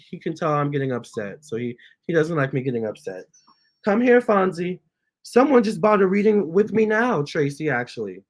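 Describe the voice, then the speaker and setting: A man, a tarot reader, chatting casually on his livestream, reading viewer comments aloud and cooing at his cats. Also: sits high. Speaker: tarot reader and channel host.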